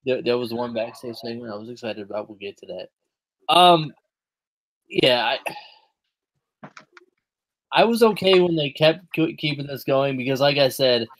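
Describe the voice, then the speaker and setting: Animated man, lively pitch. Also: measured pace, pauses often, poor audio. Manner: animated, acts out quotes, exclaims "bruh". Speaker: podcast co-host. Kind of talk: casual chat.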